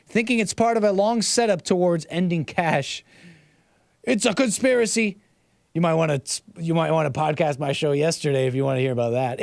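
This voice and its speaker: A man's voice: a little mellow, no echo, clean studio sound. Sarcastic, rambling male streamer. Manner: rambling and sarcastic, with frequent restarts and swings in pitch. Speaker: livestream host. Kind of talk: casual livestream commentary reading viewer messages.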